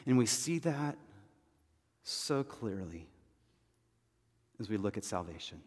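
A man preaching a sermon as pastor, moving between loud urgent pleading and soft, hushed reassurance. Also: fairly low pitch, big pitch swings, takes it slowly, husky, big-room sound.

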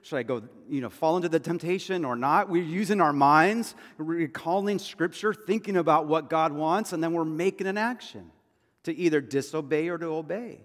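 A man's voice: on the high side, moderate pace. A man preaching a sermon as pastor, talking in a loose, conversational storytelling way with asides and repeated phrases. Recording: long hall reverb.

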